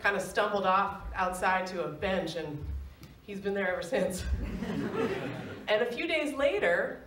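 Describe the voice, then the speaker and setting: A middle-aged woman telling a personal story on a stage, animated and laughing often as she acts out quoted voices. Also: medium pitch, unhurried, noisy background. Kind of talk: live storytelling. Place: stage in an arts center. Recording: roomy, distant live stage recording.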